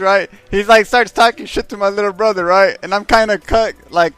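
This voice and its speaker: A man's voice: high voice, steady tone, fairly quick, hardly any pauses, fairly bright tone, clean tone. A man telling a rambling, profanity-heavy story on a stream. He keeps checking in with his listeners by asking "right?". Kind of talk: casual storytelling.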